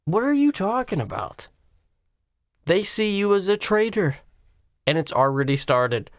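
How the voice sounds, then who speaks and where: A man hosting a solo podcast, ranting crudely and sarcastically, swinging from loud outbursts to quiet stretches. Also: high-pitched, sing-song, a little slow, no room sound, studio quality. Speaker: podcast host.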